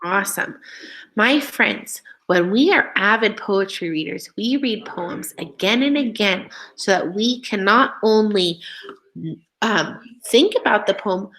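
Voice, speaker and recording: A woman teacher giving a reading lesson to young children, reading poems aloud in a slow, expressive, sing-song way. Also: medium pitch.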